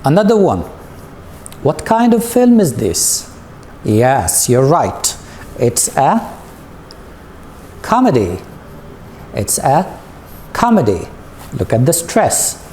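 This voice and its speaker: A man's voice: mid-range voice, sing-song, dark tone, slight background noise. A man teaching an English lesson to students, speaking patiently and asking them questions. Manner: patient, drawn-out, leads with questions. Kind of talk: slow recorded classroom lesson.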